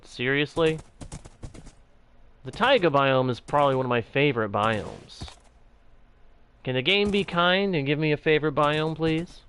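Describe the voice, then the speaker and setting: A man's voice: on the high side, a bit bright, slight background noise. A man casually commenting on his own game as he plays, playful and jokily grumbling to himself. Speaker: gaming channel host.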